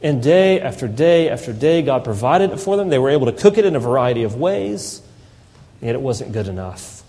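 A man's voice: mid-range voice, big pitch swings, a little fast, mellow. Man preaching in a reverberant hall. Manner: impassioned preaching, mimics complainers in whiny voice. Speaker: pastor. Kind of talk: sermon. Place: church sanctuary.

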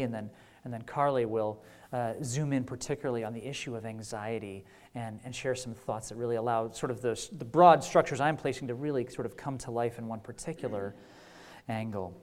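A man preaching a teaching session with an easy, conversational manner. He sprinkles in "right?" checks and dry little jokes, and the fillers and restarts keep it relaxed. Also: medium pitch, brisk. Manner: wry humor. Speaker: pastor. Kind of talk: conference teaching talk.

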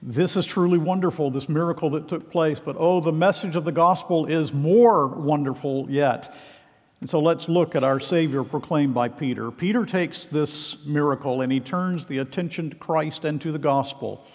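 A man delivers an earnest, emphatic sermon and presses pointed questions on his listeners. His voice sits a little high for a man. A long reverb trails behind his words, as in a large hall. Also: normal speed. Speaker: preacher.

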